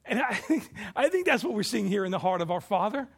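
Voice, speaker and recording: Gravelly high-voiced male preacher. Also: big pitch swings, quick pace. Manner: swings between hushed and forceful preaching. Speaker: pastor. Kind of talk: sermon.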